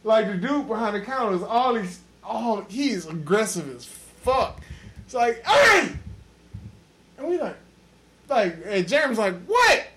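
A man's voice: sits high, expressive, normal speed. Man, podcast host, drunk storytelling, profane, laughing, faint hiss. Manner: loud, profane, laughing, acts out quotes.

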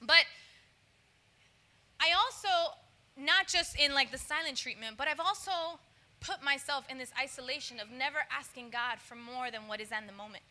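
A woman's voice: high voice, normal speed, sharp tone. A woman giving a conversational sermon, talking straight to her audience and acting out little dialogues. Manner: chatty, acts out dialogues with laughs; addresses audience directly. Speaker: church speaker.

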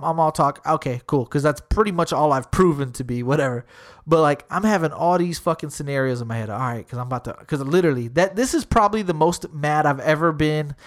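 Man in casual chat retelling a run-in, cusses freely, lots of filler words, animated delivery. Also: a little high. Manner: heavy swearing, fillers like "literally" and "dude"; animated retelling, acting out quotes.

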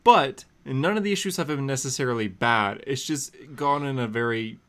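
A man with a middle-pitched voice chatting easily about comics on a podcast. He laughs between his remarks and keeps a relaxed tone. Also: moderate pace. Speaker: podcast co-host. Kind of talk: casual chat.

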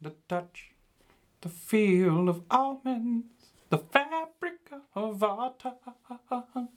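A man playing a male barista in a breathy, dreamy falsetto, crooning slowly and sing-song like a soul singer. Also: animated, heavily acted.

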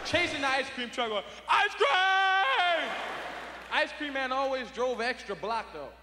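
A man on stage telling a childhood story, animated and full of kid impressions, with a high voice. The recording comes from a big concert hall with a long reverb. Steady noise sits underneath it. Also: moderate pace, over a noisy crowd. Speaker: stand-up comedian. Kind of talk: stand-up routine. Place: large venue before a live audience.

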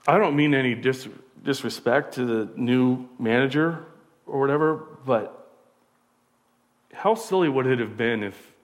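A pastor, preaching a conversational sermon full of rhetorical questions. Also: male voice, mid-range voice, a little slow.

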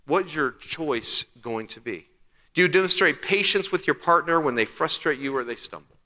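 A man's voice: fairly high pitch, lively intonation, moderate pace, sharp tone. A man preaching a sermon as pastor, talking conversationally, asking rhetorical questions and acting out quotes. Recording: long hall reverb.

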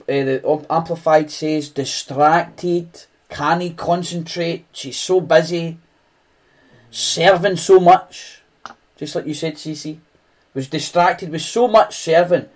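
A Scottish man preaches in an earnest, conversational way, often circling back and restarting his phrases. His pace is unhurried and his voice sits a bit higher than most men's. It has the loose, spoken feel of a sermon to a small group. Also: darkish tone.

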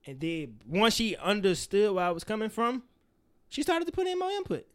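Candid, animated young man giving advice. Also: sits high, normal speed. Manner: animated, candid, swears freely, acts out quoted lines. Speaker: podcast co-host. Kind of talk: casual advice chat.

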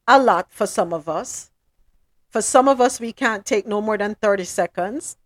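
Lively Jamaican woman, dry close sound. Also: medium pitch, normal speed, dry recording. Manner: animated, emphatic, drops into patois. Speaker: podcast co-host. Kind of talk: casual news commentary.

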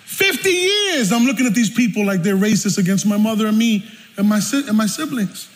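A man, a pastor preaching a personal story in an animated, emotional way. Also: high-pitched, a little fast. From South Bronx, New York. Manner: animated, emotional storytelling with bursts of laughter and shouting. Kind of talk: storytelling sermon. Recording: long reverb with faint room noise.

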